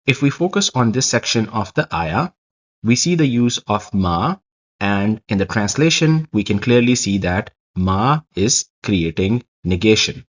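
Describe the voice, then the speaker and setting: A man narrating a scripted Arabic grammar lesson, explaining each example slowly and carefully. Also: lowish voice, big pitch swings, lo-fi sound.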